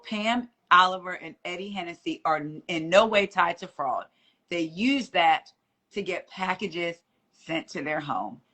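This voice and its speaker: Woman, low-ish voice, chatty live-stream guest, lively storyteller who mimics quoted voices. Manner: animated retelling, acting out quoted voices. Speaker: guest courtroom reporter.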